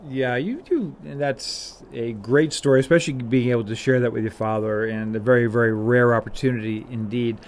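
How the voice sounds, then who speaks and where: A man hosting a podcast interview, asking long, wordy questions in a measured way with "uh" fillers. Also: medium pitch, fairly even intonation, darkish tone, slight background noise. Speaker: podcast host.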